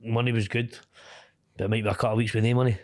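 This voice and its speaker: A man's voice: mid-range voice, level tone, very fast, a little mellow, dry recording, studio quality. A middle-aged Scottish man talking candidly as an interview guest, blunt, swearing casually and laughing easily.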